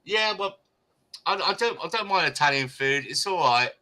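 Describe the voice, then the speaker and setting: A man's voice: on the high side, lively intonation, normal speed, sharp tone. Chatty rambling man from the UK. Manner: chatty, rambling with many restarts. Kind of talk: casual chat.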